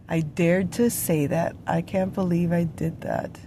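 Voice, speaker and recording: A woman's voice: lowish voice, steady tone, measured pace, hardly any pauses, warm tone, slight background noise. A woman in her thirties telling a story in a parked car, rambling, swearing and laughing as she goes. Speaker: vlogger. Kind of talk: casual storytelling.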